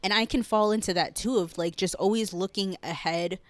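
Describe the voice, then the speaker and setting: A woman's voice: mid-range voice, fairly quick, dry recording. A young woman hosting a solo podcast, rambling, earnest and impassioned, swearing casually, and choked up at times. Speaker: podcast host.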